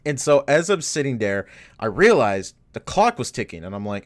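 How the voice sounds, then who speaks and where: A man's voice: lowish voice, moderate pace. Young male podcast co-host, casual and profane, gets heated while telling stories. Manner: animated, profane, gets worked up retelling. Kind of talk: casual storytelling chat.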